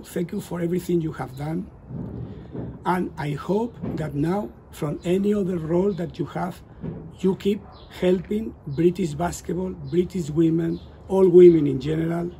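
A man giving an earnest, measured spoken tribute to a retiring player. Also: fairly high pitch, gravelly, warm tone, slight background noise.

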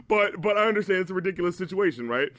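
Guy ripping apart a rap album, swears a lot, kinda high voice, dry close mic. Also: fast talker, no echo. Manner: profane, mocking, animated ranting. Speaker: album reviewer. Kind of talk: casual podcast review chat.

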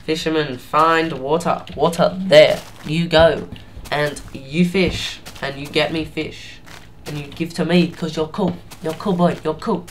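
A man's voice: a little high, fairly even intonation, a little slow, slight background noise, lightly acted. A man putting on a cocky, taunting mock persona with clipped, sing-song phrasing for game characters. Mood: teasing.

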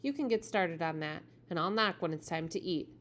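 A woman reading as a gentle, motherly neighbor lady. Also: fairly low pitch, expressive, normal speed, close to an everyday voice.

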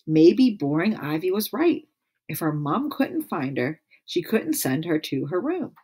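Storybook reader, woman, low-pitched, reads aloud with asides. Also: big pitch swings, a little slow, mellow, breathy edge. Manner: laughs and adds comments between passages. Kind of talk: reading a children's book aloud.

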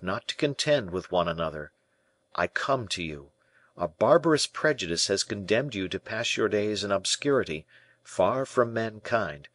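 A man reading an audiobook, voicing a young imprisoned prince who pleads passionately and is full of distrust. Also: dry recording. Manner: pleading, impassioned, rising pitch.

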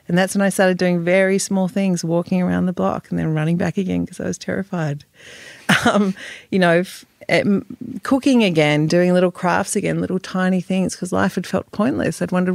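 A woman's voice: on the low side, fairly even intonation, normal speed, gravelly, darkish tone, no room sound. A woman, speaking frankly and emotionally as a podcast guest, swearing and laughing now and then. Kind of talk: candid podcast interview.

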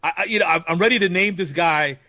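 A man with a high voice talks in a loose, animated podcast chat, laughing easily and jumping into playful voices for quotes. The recording is close and dry, with little room sound. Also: fast, dry recording. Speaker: podcast guest. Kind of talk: casual chat.

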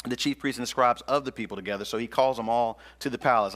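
A man's voice: medium pitch, fairly even intonation, quick pace, few pauses, fairly bright tone. A male pastor preaching a sermon in an emphatic, colloquial, slangy manner.

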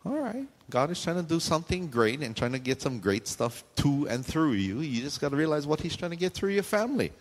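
Joking preacher in a reverberant hall. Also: male voice, on the high side, very animated, fairly quick, few pauses. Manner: conversational, joking asides to the congregation; frequent questions and call-outs to the audience. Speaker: pastor. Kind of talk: sermon.

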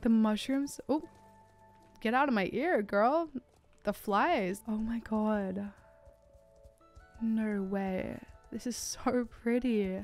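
A young Australian woman giving excited, gushing commentary as she plays a horse-riding game, full of "oh my god" and "like". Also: on the high side, slow pace, faint music behind. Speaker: gaming YouTuber. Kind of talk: casual gameplay commentary.

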